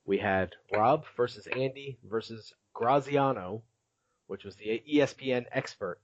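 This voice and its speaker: A man hosts a relaxed podcast and talks through his recap in a loose, chatty way, laughing often and using plenty of filler words. His voice sits at a middle pitch. The recording is dry and a little dull. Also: measured pace, no echo. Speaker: podcast host. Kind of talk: casual podcast chat.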